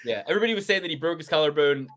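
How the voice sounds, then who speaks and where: A man's voice: fairly high pitch, lively intonation, racing, a bit bright. A man co-hosting a casual podcast chat, ranting and mocking with plenty of profanity. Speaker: podcast co-host.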